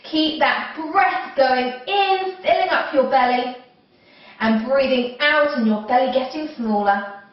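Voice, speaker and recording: A woman's voice: high voice, distant mic. Playful woman teaching kids' yoga. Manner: bright, playful and encouraging, with animal noises. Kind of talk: children's yoga class. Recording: echoey room, mic set back, dull sound.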